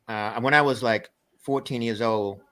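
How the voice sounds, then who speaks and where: Older male guest, bright, forceful voice, emphatic, meandering storyteller. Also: mid-range voice, normal speed. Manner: earnest, emphatic, rambling storyteller. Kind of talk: conversational storytelling.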